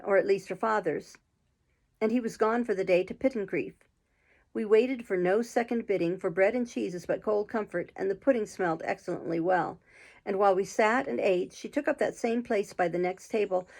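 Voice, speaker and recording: A woman reading a classic adventure novel aloud in a steady, measured storytelling voice. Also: mid-range voice, vocal fry.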